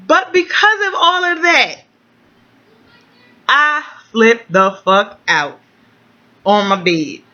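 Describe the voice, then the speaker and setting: A woman's voice: high voice, very animated, slow, pauses often, bright, forceful tone, lo-fi sound. A woman venting in a casual home vlog, blunt and outspoken, swearing freely. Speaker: vlogger.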